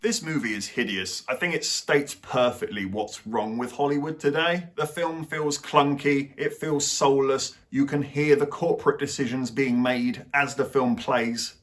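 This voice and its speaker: A man's voice: mid-range voice, measured pace. Blunt, sarcastic man reviewing films. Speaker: film reviewer. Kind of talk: opinionated film review.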